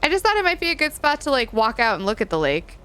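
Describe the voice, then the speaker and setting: A woman's voice: high voice, very animated, fast, fairly bright tone, smooth. A woman live-streaming a video game in casual chat, reading and answering her viewers and giggling often.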